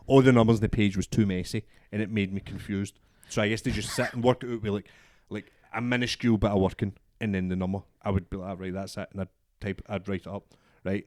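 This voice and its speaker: A man's voice: on the low side, dry recording, studio quality. A young Scottish man telling a story in casual podcast chat, swearing often and acting out both sides of the exchange. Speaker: podcast co-host.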